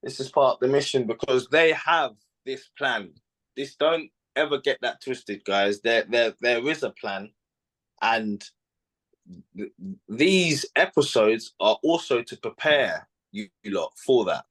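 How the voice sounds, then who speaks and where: Emphatic, earnest male guest, mid-pitched voice. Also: slow, a bit bright, low-quality recording. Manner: earnest and emphatic, repeats himself. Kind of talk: casual chat.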